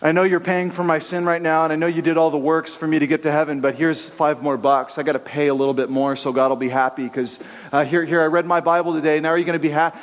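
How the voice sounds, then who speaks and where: A man's voice: on the high side, fairly even intonation, fast, in a large hall, natural voice. A man playing an anxious believer eager to please. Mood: anxious pleading. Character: anxious male believer trying to pay Jesus.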